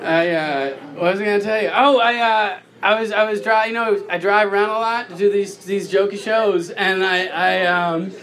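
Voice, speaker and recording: A man in his thirties doing a stand-up comedy set, telling stories through laughter and squealing out the quoted lines. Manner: laughing storyteller, acts out quotes with sudden high squeals. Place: comedy club stage with live audience. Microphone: handheld microphone. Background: crowd laughing.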